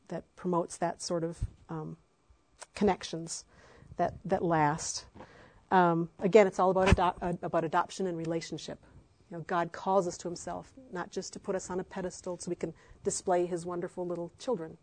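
A woman's voice: lowish voice, level tone, normal speed, a little mellow. A middle-aged woman, an adoptive mother, speaking with passion and emphasis in a faith-based talk to parents, with frequent fillers.

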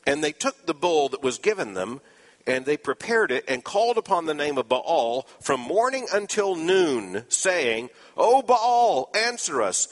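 A man's voice: fairly high pitch, big pitch swings, normal speed, a bit bright, long reverb tail. A man preaching a sermon, explaining scripture earnestly with dry asides.

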